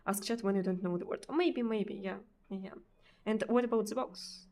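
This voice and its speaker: A Russian-accented woman streaming live, talking to her chat in a loose, unhurried way. Her pitch sits in an ordinary middle range for a woman. She searches for words, repeats herself, and often drops in small fillers. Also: darkish tone. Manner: hesitant, many fillers and repeated words, frequent laughs.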